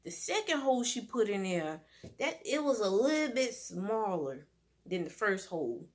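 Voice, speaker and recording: A woman's voice: medium pitch, normal speed. Chatty woman rambling through a story. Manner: rambling, animated, many fillers and restarts. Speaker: vlogger. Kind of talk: casual storytime monologue.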